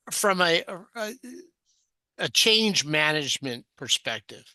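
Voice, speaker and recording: Man, moderator, very bright voice, dry close sound, direct questions. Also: fairly high pitch, no room sound. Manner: direct, halting questions with restarts. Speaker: webinar moderator. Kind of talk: moderating a panel webinar.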